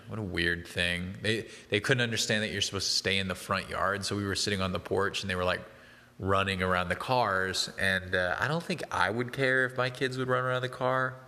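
A man's voice: on the low side, bright, forceful tone, big-room sound. A young man chatting casually to the camera, rambling and breaking off to laugh at his own stories. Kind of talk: casual chat.

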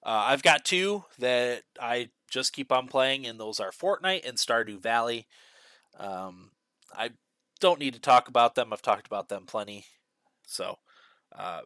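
A man hosting a casual podcast, brisk and matter-of-fact as he presents awards. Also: mid-range voice, a bit bright, dry recording, clean studio sound. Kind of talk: casual chat.

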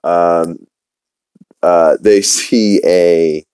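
Man, young adult, from new orleans, podcast host, casual recap, rambling with fillers, low voice, smooth tone. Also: fairly even intonation, drawn-out words, a little mellow, no room sound, poor audio. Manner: rambling, many fillers, acts out quotes.

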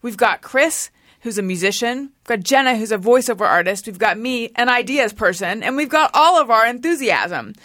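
A woman hosting a podcast in casual group chat, animated, laughing often and pitching ideas to the group. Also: normal speed, no room sound, clean studio sound. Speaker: podcast host.

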